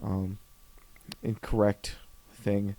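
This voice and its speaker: A man's voice: fairly low pitch, level tone, extremely slow, dark tone, dry recording. A man co-hosting a podcast in casual chat, swearing often and rambling with laughs. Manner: profane, laughing, rambling banter. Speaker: podcast co-host.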